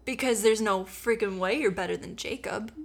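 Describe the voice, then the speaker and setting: A woman's voice: mid-range voice, normal speed, natural voice. A woman voicing a blunt, skeptical Samaritan woman in a comedic Bible retelling, sassy and incredulous.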